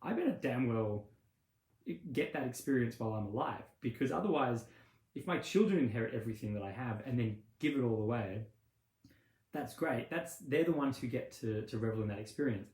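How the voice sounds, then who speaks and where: Man, meditation teacher, casual rambling talk, mid pitch, echoey room. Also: big pitch swings, brisk, darkish tone. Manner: rambling and conversational, acts out little scenes with laughs. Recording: roomy echo.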